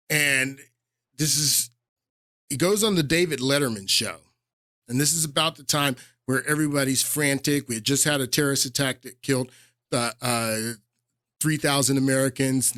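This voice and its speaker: A man's voice: medium pitch, fairly bright tone, no echo, studio quality. A male podcast host giving casual political commentary, rambling with many fillers and restarts and leaning hard on his points.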